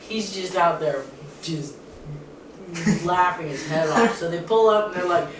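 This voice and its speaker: A young person telling jokes casually, animated and laughing mid-story. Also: medium pitch, unhurried, over a noisy crowd. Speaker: channel co-host. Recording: echoey room from a distance, faint noise.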